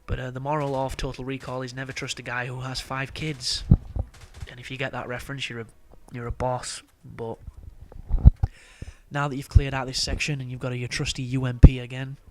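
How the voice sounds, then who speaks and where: A man's voice: medium pitch, flat delivery, brisk, noisy background. A young man giving casual gameplay commentary, rambling and swearing freely with frequent laughs. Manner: rambling, profane, laughs often.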